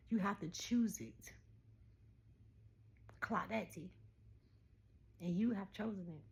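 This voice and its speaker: A woman in her thirties talking straight to her viewers in a casual spiritual message, animated and preachy, laughing often. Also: mid-range voice. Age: 30s. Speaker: spiritual vlogger.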